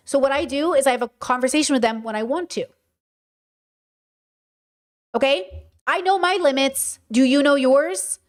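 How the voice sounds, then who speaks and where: Her voice sits high at normal speed with frequent pauses as this thirties podcast host delivers an unscripted, casual monologue. She's blunt and emphatic, swears freely, and responds to chat comments.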